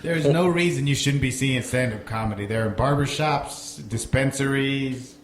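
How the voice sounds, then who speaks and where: A man co-hosting a comedy podcast, trading quick, profane banter and reactions. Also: medium pitch. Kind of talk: casual chat. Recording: roomy echo.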